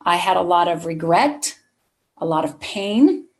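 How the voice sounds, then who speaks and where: A woman's voice: fairly low pitch, lively intonation, a little slow, a little mellow. Woman giving a motivational keynote. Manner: personal storytelling, addresses the audience directly. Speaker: keynote speaker. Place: conference hall with a live audience.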